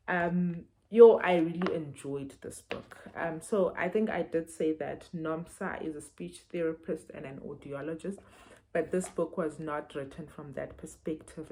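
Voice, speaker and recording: A woman's voice: deep voice, mellow, slight background noise, low-quality recording. A South African woman reviewing books in a casual chat, full of fillers and restarts. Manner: chatty, many fillers and restarts. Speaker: book reviewer.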